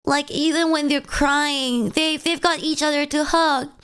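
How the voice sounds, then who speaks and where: A woman streamer in casual chat, tearful and crying, talking in a halting, hesitant, self-conscious way. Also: high-pitched, steady tone, a bit bright. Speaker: VTuber streamer.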